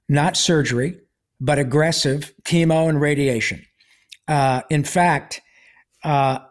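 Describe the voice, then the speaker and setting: A man telling a personal story as a podcast guest in a casual, rambling way, full of fillers and restarts and with a wry sense of humor. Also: on the high side.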